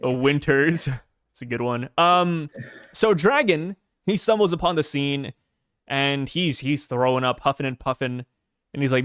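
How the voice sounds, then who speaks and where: A man's voice: medium pitch, unhurried, fairly bright tone, clean tone, no echo, studio quality. A man co-hosting a podcast who recaps a comic chapter in casual chat, slipping into put-on character voices. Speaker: podcast co-host.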